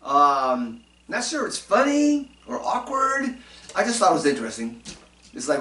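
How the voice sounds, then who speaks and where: A man's voice: fairly high pitch, sing-song, a little slow, sharp tone, echoey room, recorded from a distance. A man hosting a casual talk show, rambling through his commentary with lots of fillers and restarts. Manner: rambling, many fillers and restarts, chuckling asides. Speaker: show host doing commentary segments.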